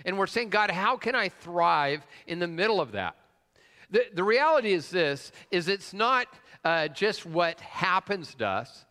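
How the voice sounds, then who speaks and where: Pastor guy preaching, kinda high bright voice, lots of uh's, echoing around a big church. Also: expressive, measured pace. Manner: conversational, frequent "uh" fillers, asks the congregation questions. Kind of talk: sermon with personal story. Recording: long reverb of a large hall.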